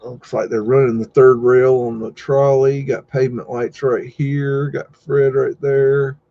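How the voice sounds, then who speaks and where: A man hosts a live stream, talking in a loose, rambling way and tossing out jokes and loud exclamations. His voice sits at a medium pitch. The recording sounds a little dull and lo-fi. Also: flat delivery, measured pace, gravelly, no room sound. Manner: rambling, joking, easygoing asides and loud exclamations. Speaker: host. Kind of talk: casual live-stream commentary over old photos.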